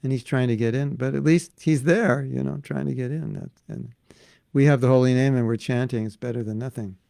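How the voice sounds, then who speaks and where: A man's voice: mid-range voice, a little fast, gravelly, warm tone, no room sound. An older man giving an informal devotional class, chatting and answering questions from listeners. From United States. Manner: breaks into chanted prayers. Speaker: spiritual teacher.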